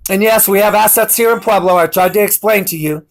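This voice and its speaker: Intense high-voiced man, rambling monologue. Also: brisk, creaky, slight background noise. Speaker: vlogger.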